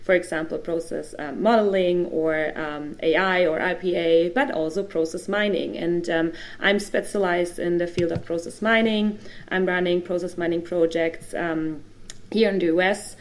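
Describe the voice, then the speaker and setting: A woman's voice: on the low side, fairly even intonation, normal speed. A woman with a German accent, who grew up in Germany, a podcast guest who talks in a friendly, upbeat way over a video call. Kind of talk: casual chat.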